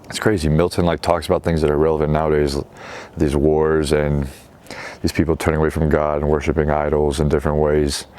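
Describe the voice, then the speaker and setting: A man's voice: extremely low pitch, monotone, brisk, darkish tone. A man hosting his own show, casually retelling a story in slangy talk and quoting the characters as he goes. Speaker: show host.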